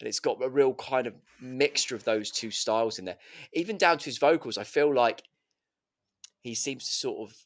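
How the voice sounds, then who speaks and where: A man's voice: mid-range voice, moderate pace. A man co-hosting an album review, chatty and teasing, rambling with lots of "like" and "kind of". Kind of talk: casual chat about music.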